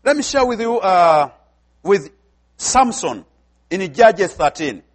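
High-voiced visiting pastor preaching emphatically. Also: male voice, sing-song, slow. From outside the United States. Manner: emphatic preaching, repeats phrases, acts out dialogue. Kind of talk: sermon.

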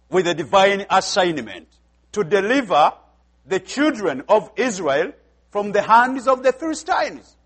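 High-voiced visiting pastor preaching emphatically. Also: male voice. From outside the United States. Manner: emphatic preaching, repeats phrases, acts out dialogue. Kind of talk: sermon.

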